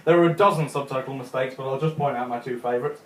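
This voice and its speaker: A man's voice: medium pitch, fast talker. Young guy doing stand-up, chuckles at his own jokes, roomy echo. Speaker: stand-up comedian. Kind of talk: stand-up comedy set. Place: comedy club room with a live audience. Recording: echoey club room.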